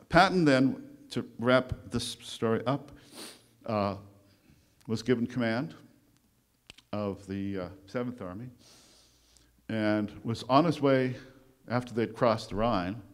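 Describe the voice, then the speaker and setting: A man giving a talk to a conference audience, telling history in a loose, conversational way with frequent pauses. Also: fairly low pitch. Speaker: conference speaker. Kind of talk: lecture at a conference. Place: conference room before an audience.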